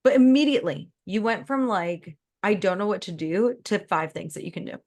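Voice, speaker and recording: A woman business coach talks through a client's mindset on a coaching call. She is fast and emphatic, and her pitch jumps up when she acts out her own inner voice. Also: animated, darkish tone.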